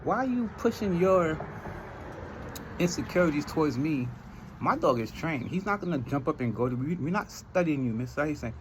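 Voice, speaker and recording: A man's voice: fairly high pitch, normal speed, background noise. Trinidadian man talking casually. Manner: animated storytelling, laughs often. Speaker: podcast host. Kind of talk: casual monologue.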